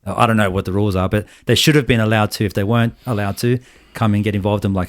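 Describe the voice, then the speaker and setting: A man's voice: fairly low pitch, fairly even intonation, quick pace, no echo, clean studio sound. A man with an Australian accent co-hosting a casual sports podcast, talking bluntly in rambling runs and swearing now and then. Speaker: podcast co-host.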